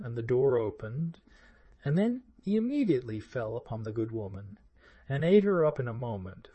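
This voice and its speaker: A man reading a fairy tale aloud in a measured, expressive storytelling manner. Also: mid-range voice, husky, no room sound. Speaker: narrator.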